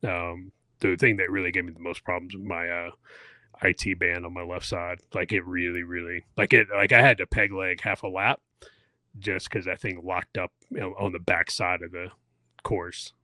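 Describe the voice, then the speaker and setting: A man's voice: sits low, flat delivery, normal speed, pushed and bright, no room sound. A man in his forties telling a long, self-mocking story in casual podcast chat, full of fillers and restarts. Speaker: podcast co-host. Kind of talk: casual chat, recounting an endurance event.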